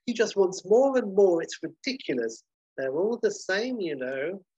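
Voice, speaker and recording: A man's voice: high voice, very animated, unhurried, darkish tone, husky, dry recording, lo-fi sound, voice pushed up, full character voice. A man voicing prim, gossiping elderly ladies who are over sixty. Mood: gossipy.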